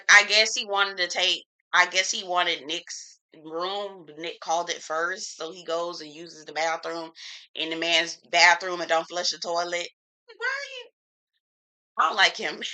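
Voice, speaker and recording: A woman's voice: fairly low pitch, fairly even intonation, measured pace, pushed and bright, smooth, low-quality recording. A woman giving a casual, opinionated recap of a reality TV episode, talking frankly with slang and strong opinions. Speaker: TV reviewer.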